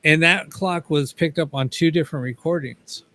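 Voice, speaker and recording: A man's voice: a little high, moderate pace, a bit bright. A man, a paranormal investigator, casually telling a story as a guest, swearing freely and acting out the dialogue.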